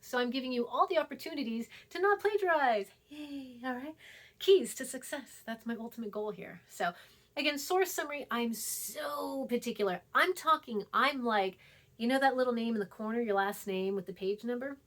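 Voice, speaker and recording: In her recorded online lecture, a female college writing instructor talks in an animated, chatty, emphatic manner at a moderate pace. Her pitch is fairly high, and she repeats points and slips into a hush for asides.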